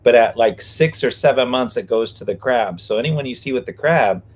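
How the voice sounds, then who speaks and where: A man with a mid-range voice and lively intonation co-hosts a live stream at a moderate pace, with slight background noise. Sitting in a parked vehicle behind a restaurant, he talks casually and jokes playfully with viewers, making up rhyming name games.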